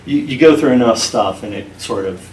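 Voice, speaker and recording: A middle-aged man talking earnestly and deliberately as a guest in a sit-down interview. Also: mid-range voice, a little mellow. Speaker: interview guest, program founder. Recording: echoey room, mic at a distance, faint noise.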